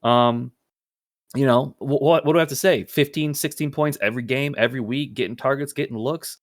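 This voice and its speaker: A man's voice: medium pitch, fairly quick, dry recording, studio quality. A young man co-hosting a casual podcast, talking up his fantasy team in a boastful, profane, rambling way. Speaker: podcast co-host. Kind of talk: casual fantasy football banter.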